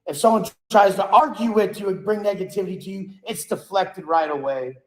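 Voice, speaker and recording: A man's voice: high-pitched, brisk, echoey room, poor audio. A man giving an earnest, preachy motivational speech about energy and enlightenment. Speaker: motivational speaker.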